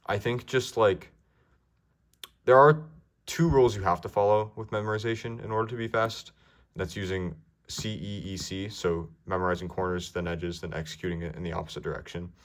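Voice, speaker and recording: A young man giving casual, ranty speedcubing tips, rambling with many fillers. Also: fairly low pitch. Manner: rambling, lots of ums and likes.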